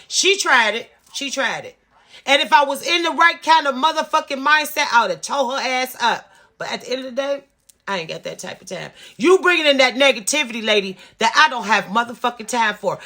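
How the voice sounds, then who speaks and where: A woman in her fifties tells a storytime rant to her viewers, swearing freely and repeating her points for emphasis. Her voice is bright and sharp, with an emphatic, insistent delivery. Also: high voice, expressive, a little fast. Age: 50s. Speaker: vlogger.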